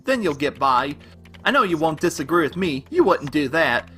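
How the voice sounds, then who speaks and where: A man's voice: a little high, very animated, moderate pace, a bit bright, faint music behind. A man rapping in rhyme as an obsessive, unstable young male superfan, with a delivery that swings between gushing and menacing, over a backing beat. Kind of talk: rapped fan-letter verse over a beat.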